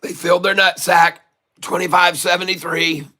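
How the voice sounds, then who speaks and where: A man hosting a live day-trading stream, hoarse from long hours of talking, who coaches viewers in a folksy way, repeats his instructions and keeps calling them folks. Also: sits high, little pitch movement, normal speed, sharp tone. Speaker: day-trading livestream host. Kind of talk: live trading commentary to chat.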